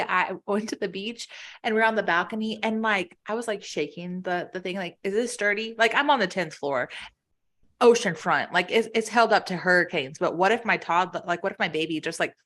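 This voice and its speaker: A woman in her thirties co-hosts a podcast, chatting casually and telling stories in which she acts out quotes. Her voice is fairly low in pitch and a bit bright, at a normal speed.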